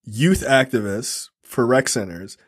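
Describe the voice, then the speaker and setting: A man's voice: medium pitch, a little slow. A man co-hosting a casual film review podcast, blunt and profane, laughing at the script. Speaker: podcast co-host.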